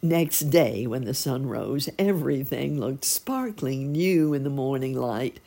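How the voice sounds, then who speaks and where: A woman reading a children's story aloud in a gentle, expressive storytelling manner. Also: rumbling low, measured pace, gravelly, husky.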